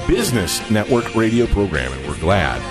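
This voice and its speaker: Animated Texan radio host, low voice. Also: male voice, moderate pace, loud music behind the voice. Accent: Texas. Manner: animated, emphatic, conversational. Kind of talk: radio talk show.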